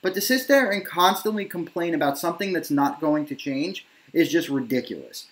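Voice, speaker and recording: A man's voice: fairly high pitch, animated, fairly quick. A man from New York hosting a casual wrestling debate, emphatic and opinionated, talking in long runs. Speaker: podcast host.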